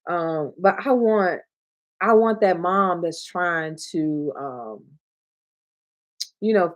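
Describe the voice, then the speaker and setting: A middle-aged woman from Michigan chatting casually on a livestream, talking to her viewers and laughing often. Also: lowish voice. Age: 30s to 40s. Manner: chatty, warm, talks to chat, laughs often, gets emotional. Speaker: livestream host, notary signing agent trainer.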